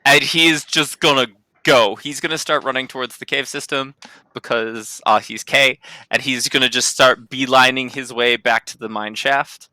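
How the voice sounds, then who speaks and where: Blunt casual male player; very bright voice, dry recording. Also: medium pitch, steady tone, moderate pace, dry recording. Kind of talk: tabletop game play.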